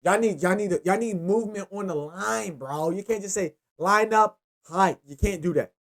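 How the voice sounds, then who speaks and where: Loose, profane sports-picks host. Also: male voice, high-pitched, fairly quick, gravelly. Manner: loose, profane, rambling, lively. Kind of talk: casual sports picks monologue.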